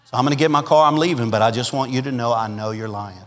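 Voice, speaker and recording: A male preacher voicing a blunt, gruff country traffic cop who talks slow and knowing, with long hall reverb. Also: mid-range voice, lightly acted.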